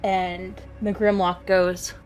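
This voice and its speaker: A woman narrating a tabletop game as game master, gentle and encouraging toward her player. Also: lowish voice, little pitch movement, slow pace, faint music behind.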